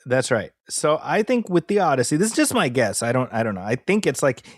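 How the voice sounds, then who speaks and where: Animated male movie podcast co-host. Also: mid-range voice, a little fast, no echo, clean studio sound. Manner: animated, quotes people in put-on voices. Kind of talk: casual movie podcast chat.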